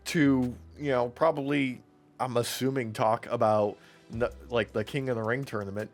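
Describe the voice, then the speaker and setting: Male podcast co-host, loose and profane, animated when quoting, light music bed under the voice. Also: medium pitch. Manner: profane, laughing, acts out quotes in voices. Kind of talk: casual wrestling recap chat.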